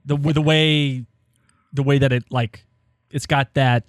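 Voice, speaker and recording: A man's voice: mid-range voice, steady tone, a little slow, dry recording, studio quality. A man from the Boston area co-hosting a podcast, joking in casual chat. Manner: joking, laughs easily. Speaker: podcast co-host.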